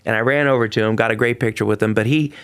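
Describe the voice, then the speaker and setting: A man's voice: fairly low pitch, rapid-fire, clean tone. A middle-aged man, a Broadway performer guesting on an interview show, telling backstage stories in casual talk and acting out the quotes. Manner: animated storyteller, acts out quotes in a raised voice.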